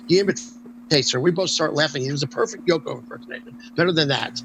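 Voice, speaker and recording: An older man recounts stories in an interview, voice sitting a bit high for a man. He slips into the voices of the people he quotes as he goes. A faint hum sits under the recording. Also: fast, poor audio. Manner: animated storyteller, acts out quoted dialogue. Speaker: interview guest. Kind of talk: storytelling anecdotes in a casual interview.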